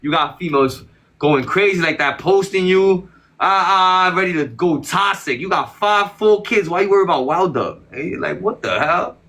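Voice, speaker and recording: Emphatic slangy man, bright voice. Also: high-pitched, animated, normal speed. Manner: emphatic, repetitive, slangy and defensive. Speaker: interview guest. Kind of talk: casual interview talk.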